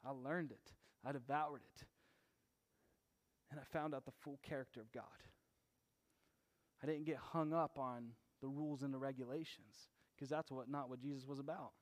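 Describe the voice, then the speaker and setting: A man preaching a sermon as pastor, talking casually and joking at times, then building to emphatic shouts. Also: mid-range voice, fairly even intonation, normal speed, pauses often.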